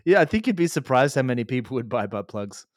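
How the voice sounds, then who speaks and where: A man's voice: medium pitch, big pitch swings, fast, dry recording, studio quality. A man co-hosting a casual podcast, rambling through crude stories with frequent laughs. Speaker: podcast co-host.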